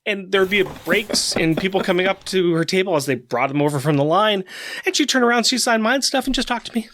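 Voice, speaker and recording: A man co-hosting a comic book podcast, telling a long story in an excited, animated way. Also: high-pitched, brisk. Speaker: podcast co-host. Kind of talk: casual chat.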